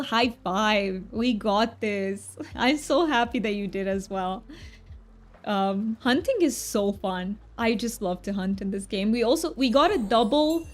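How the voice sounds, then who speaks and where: A woman's voice: medium pitch, measured pace. A woman from Romania, streaming a game and chatting with her viewers in a bubbly, giggly way. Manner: bubbly and giggly, with frequent laughs and restarts. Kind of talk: casual live-stream chat, reading chat aloud.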